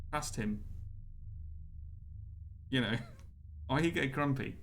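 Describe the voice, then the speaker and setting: A man's voice: mid-range voice, slow, pauses often, a bit bright, a little hiss or hum. A man streaming a game live, chatting to his viewers and laughing often. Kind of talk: live gameplay commentary.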